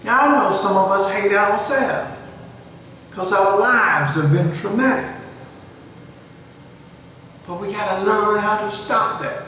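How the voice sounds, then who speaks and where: An older man hosting a show, telling young people a moral lesson in a slow, deliberate, preaching way. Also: sits high, bright, forceful tone. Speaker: show host. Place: jail cell, steel and concrete. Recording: echoey cell, far from the mic, faint hiss.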